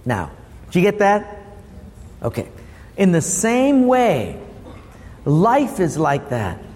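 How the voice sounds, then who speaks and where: High-pitched pastor preaching, keeps asking the crowd stuff, long echo in the room. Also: male voice, slow. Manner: lively, asks the congregation questions. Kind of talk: sermon.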